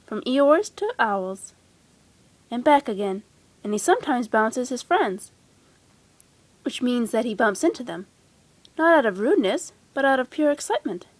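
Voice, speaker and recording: A woman with a fairly high voice reads a children's storybook aloud, gentle and expressive. The sound is dry and close, with no room echo. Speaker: storybook reader.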